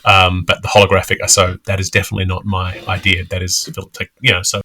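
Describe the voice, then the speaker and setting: A man's voice: low voice, completely flat delivery, fast, pushed and bright. A middle-aged man co-hosting a podcast, talking in a chatty way with frequent restarts. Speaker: podcast co-host. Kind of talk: casual podcast discussion.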